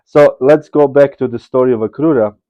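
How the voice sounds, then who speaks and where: In dull audio, a spiritual teacher with a medium-pitched voice speaks fairly quickly through a devotional lecture. He tells stories in a loose, digressive style and frequently says "you know."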